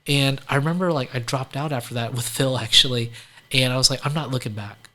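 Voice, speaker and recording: Brisk and forceful, with a bright mid-range voice, this Louisiana entrepreneur swaps stories as an interview guest. He peppers everything with "like" and performs the voices of those he quotes in his easygoing, chatty telling.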